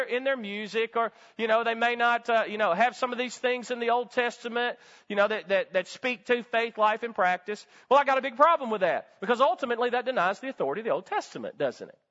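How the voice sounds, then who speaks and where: A man's voice: extremely high pitch, sharp tone. A male pastor preaching a sermon, emphatic and full of rhetorical questions and calls to the congregation. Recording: dull sound with long hall reverb.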